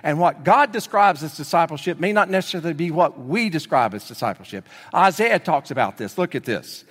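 A man preaching a sermon as pastor, telling the story with lively energy and dropping to hushed emphasis at key points. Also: fairly high pitch, fairly quick, slightly rough. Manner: animated storytelling, swings between loud excitement and hushed emphasis. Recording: long reverb of a large hall.

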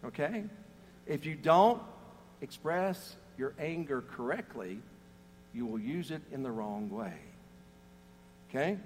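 A man's voice: mid-range voice, lively intonation, takes it slowly, long pauses, long reverb tail, a little hiss or hum. A man preaching a sermon, telling jokes and stories between scripture readings. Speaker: pastor.

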